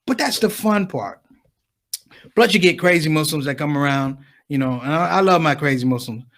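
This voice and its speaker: A man's voice: a little high, normal speed. A man doing stand-up comedy, talking straight to the crowd and acting out the people in his stories. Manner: animated, acts out others' voices, talks to the crowd.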